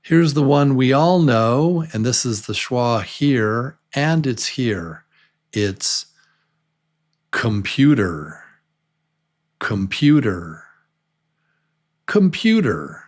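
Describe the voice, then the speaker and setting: A man teaching English pronunciation to beginners. He repeats each word slowly and clearly and talks straight to the learners to encourage them. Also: medium pitch. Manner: drills words slowly, repeating them many times. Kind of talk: slow, repetitive pronunciation lesson.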